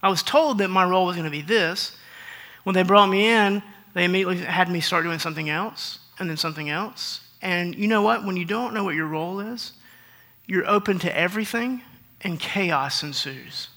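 A man preaching a sermon, telling a long personal story and acting out the exchanges in it, often clearing his throat. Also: sits high, normal speed, bright, forceful tone. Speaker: pastor.

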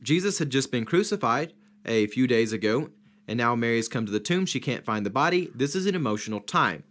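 A man's voice: mid-range voice, animated, a little fast, fairly bright tone. A man leading a Bible study, teaching point by point, posing questions and stressing key words. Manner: structured, emphatic, points and questions.

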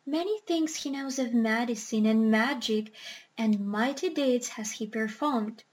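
A woman reading aloud, voicing a clever scheming female parrot in a hushed, conspiratorial way. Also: fairly high pitch, measured pace, lightly acted. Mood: mock-solemn.

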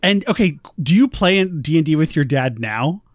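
Giggly animated woman podcast co-host. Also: deep voice, moderate pace, no room sound. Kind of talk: casual podcast chat.

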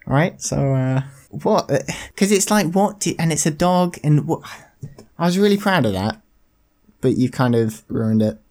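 A young woman with a notably deep, low voice, telling a loose, rambling story. Her delivery is mostly monotone and casual, full of "like" and "you know.". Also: measured pace. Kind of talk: casual chat.

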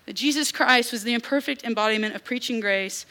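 A young woman with a Southern twang preaches with lively energy, slipping in casual asides and acted-out voices. Her voice sits high, bright and forceful. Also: a little fast. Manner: animated, acts out quoted voices, casual asides. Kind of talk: sermon.

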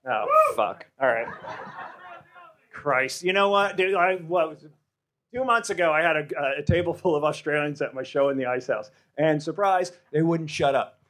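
A slightly high-voiced American man hosts a podcast live on stage before an audience. He riffs loosely and profanely with the crowd, rambling and stammering through restarts as he goes. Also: big pitch swings, normal speed, a bit bright. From United States. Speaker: podcast host. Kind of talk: live podcast stand-up banter.

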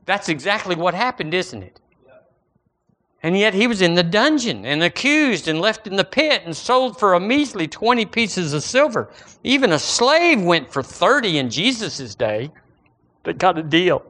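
A man preaching a sermon in a folksy, animated way, full of everyday analogies. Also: high voice, normal speed.

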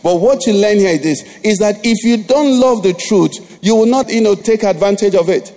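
A man's voice: high voice, moderate pace, mellow. A middle-aged man preaching a sermon in church, often asking the congregation "what?" to finish his lines. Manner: call-and-response questions to the congregation. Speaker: pastor.

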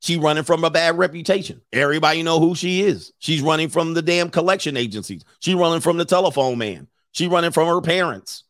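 A man's voice: on the high side, fairly quick, hardly any pauses, fairly bright tone, no room sound, clean studio sound. A man giving dating advice to his viewers in a casual monologue, with a brash, profane and joking delivery.

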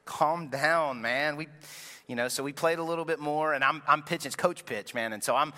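A man's voice: a little high, moderate pace, sharp tone. A man in his thirties preaching a sermon as a pastor, telling a family story in a loose, self-deprecating way. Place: church sanctuary. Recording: long reverb from a large room.

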